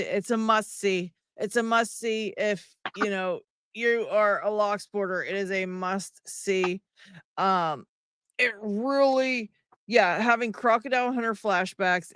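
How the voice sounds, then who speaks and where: A woman hosting a casual video-call chat, talking in an animated, exclaiming way. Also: mid-range voice, clear, resonant tone, dry recording, clean studio sound. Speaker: host.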